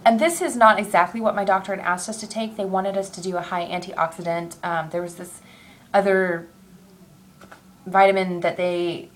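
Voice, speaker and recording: A woman in her thirties talking openly in a casual personal video diary, rambling a little and quick to get teary. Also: lowish voice, slight background noise. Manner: chatty, candid, excitable, quick to tear up; rambling with many ums and restarts. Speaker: vlogger.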